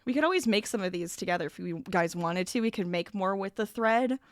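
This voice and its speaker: A woman's voice: medium pitch, lively intonation, a little fast, dry recording, clean studio sound. A woman streamer chatting casually with her chat while she crochets. Her voice is slightly scratchy as she gets over an illness, and she laughs often. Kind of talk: casual crafting livestream chat.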